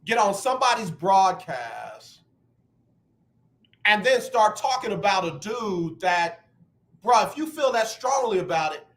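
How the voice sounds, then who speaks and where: Radio host, man in his sixties, high bright voice, emphatic and heated sports talk. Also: big pitch swings, unhurried. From United States. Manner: emphatic, repeats words when fired up.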